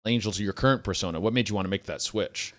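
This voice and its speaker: A man's voice: lowish voice, quick pace, fairly bright tone. A man co-hosting a podcast, asking the guest questions in casual chat and agreeing often. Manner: asks questions, agrees a lot, laughs along. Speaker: podcast co-host.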